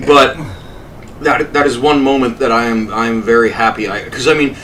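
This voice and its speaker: A man casually telling a story on a podcast, animated, swearing and laughing as he talks. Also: mid-range voice, moderate pace. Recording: distant mic with faint noise.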